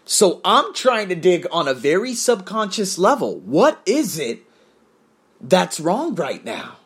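Blunt, animated man confiding. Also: high voice, slow pace, slightly rough. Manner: blunt, profane, emotional storytelling. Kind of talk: personal confessional monologue.

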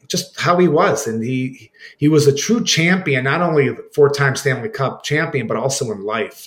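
A man who is a former hockey player, reminiscing in an interview. He repeats words often and talks in halting bits. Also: mid-range voice. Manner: halting, repeats words, acts out quoted exchanges.

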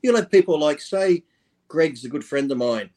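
A man's voice: on the high side, animated, moderate pace, dark tone. A man talking bluntly and profanely as a guest in a casual podcast chat. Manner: blunt and profane, speaks his mind.

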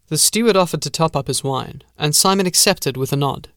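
Man, audiobook narration, measured, slightly high voice, dry sound. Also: a bit bright, dry recording. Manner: measured storytelling.

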